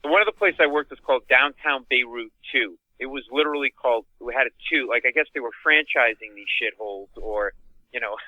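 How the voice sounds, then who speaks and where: A comedian telling an animated comic anecdote, acting out the other people's voices as he goes. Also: mid-range voice, a little fast, dry recording, phone-quality sound. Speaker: guest comedian.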